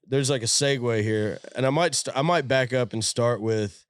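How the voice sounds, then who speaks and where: A man's voice: medium pitch, moderate pace, no echo, clean studio sound. A man hosting a podcast in casual chat, laid-back and slangy, recorded inside a tour bus. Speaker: podcast host.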